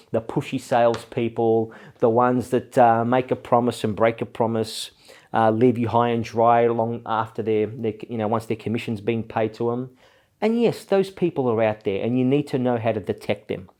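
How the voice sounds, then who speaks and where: An Australian man hosts a business advice show, speaking energetically and persuasively and often ending points with "okay?". His voice is medium-pitched and mellow.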